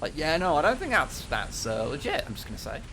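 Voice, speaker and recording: A man's voice: on the high side, sing-song, fast talker, noisy background. A man streaming a game, chatting casually with a co-host, rambling and swearing, with lots of fillers. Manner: rambling, profane, full of fillers. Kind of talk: casual gaming chat.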